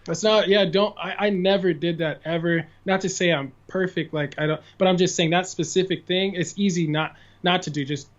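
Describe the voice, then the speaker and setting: A young man in his twenties from California, a guitarist and singer, chatting as a podcast guest, telling stories with lots of "like" fillers and quick laughs. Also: high-pitched, steady tone, lo-fi sound. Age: 20s. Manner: chatty storyteller, many "like" fillers, laughs often. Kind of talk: casual podcast conversation.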